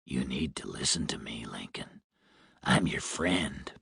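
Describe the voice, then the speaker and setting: A man voicing a hoarse, heavy-smoking stranger who threatens in a low, slow whisper. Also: very animated, pushed and bright, no echo, clean studio sound, exaggerated voice. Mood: menacing. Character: hoarse menacing man on phone, smoker.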